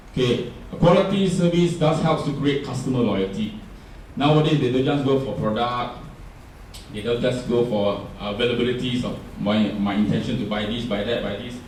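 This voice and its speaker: A man presenting a workshop speaks in a medium-pitched, slightly mellow voice with a Singaporean English accent, chatting and repeatedly asking his audience questions. The distant mic leaves an echoey room sound, with a bit of hiss or hum.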